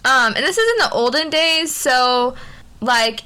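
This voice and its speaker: A woman's voice: high-pitched, animated, measured pace, sharp tone, clear, resonant tone. A woman co-hosting a podcast, laid-back and giggly as she chats and tells a story. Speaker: podcast co-host. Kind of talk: casual chat and storytelling.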